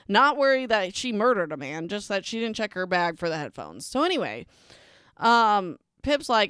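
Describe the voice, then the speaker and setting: A young woman chats through a book recap with an eye-rolling, sarcastic edge, tossing in "like" and "whatever" at every turn. Her voice is smooth and clean, sitting at an ordinary middle pitch, and it is recorded dry and close with no room sound. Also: big pitch swings, normal speed, a bit bright, no room sound. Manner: sarcastic, dismissive, heavy use of "like" and "whatever". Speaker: podcast host.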